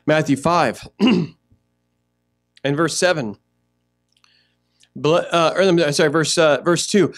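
A man pastor preaching a sermon in a church, animated, acting out little scenes as he goes. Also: on the high side, takes it slowly, pauses often. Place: church sanctuary.

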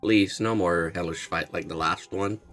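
A man's voice: deep voice, fairly even intonation, normal speed, a bit bright, faint music behind. A young man streaming a game readthrough, chatting casually with a sarcastic, jokey manner and some swearing. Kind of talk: casual gaming commentary.

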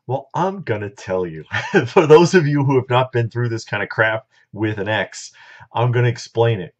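A man's voice: mid-range voice, animated, normal speed. A middle-aged man telling a story in a casual, blunt, opinionated monologue, talking straight to his viewers. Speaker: vlogger. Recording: dull lo-fi recording.

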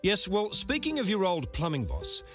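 A man playing a smooth male TV host of a tribute show, mock-solemn with crude asides. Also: sits high, wildly swooping pitch, normal speed, a bit bright, soft background music, pitched above the performer's own voice, heavily acted.

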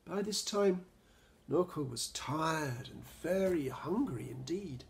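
A middle-aged man, a children's author, reading his picture book aloud in an expressive storytelling manner. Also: a little high, slow.

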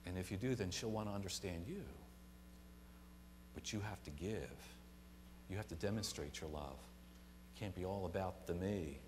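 A pastor delivering a sermon, swinging from quiet to loud and emphatic and acting out imagined people. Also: male voice, low voice. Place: church sanctuary. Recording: long church reverb, faint hum.

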